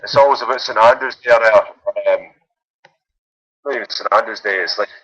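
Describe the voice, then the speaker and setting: A man's voice: fairly low pitch, moderate pace, a bit bright, no room sound, lo-fi sound. A man calling into a phone-in, chatting casually and often adding "like" and "you know what I mean". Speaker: caller.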